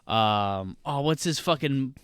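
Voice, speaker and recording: A man co-hosts a podcast, talking loosely and ramblingly through a film and swearing often. His medium-pitched voice is expressive, slow, a bit bright, clear and resonant, in a dry, studio-quality recording.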